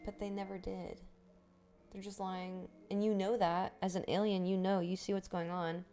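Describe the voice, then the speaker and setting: A woman's voice: medium pitch, little pitch movement, normal speed, warm tone. A young woman streamer chatting casually on a live stream, rambling, swearing and laughing often. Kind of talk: casual livestream chat.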